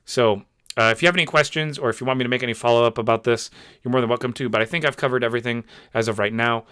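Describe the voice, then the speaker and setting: On his own channel, a young man vents in an exasperated commentary, saying things over and over and using plenty of fillers. His mid-range voice is clear, resonant, and a bit bright, with fairly even intonation and a very fast pace. The sound is studio quality with no room sound.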